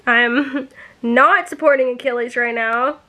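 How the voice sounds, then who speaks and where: A woman with a fairly high, pushed and bright voice speaks at a measured pace with a steady tone in her reading-reaction vlog as a book vlogger. Casual and chatty, she says "like" a lot, gets openly emotional about the book and swears when upset.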